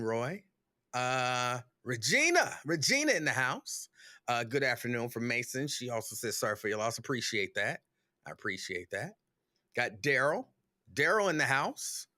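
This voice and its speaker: A man hosting a livestream talk show, greeting viewers one by one in a relaxed, chatty way. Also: mid-range voice, moderate pace, no room sound, clean studio sound.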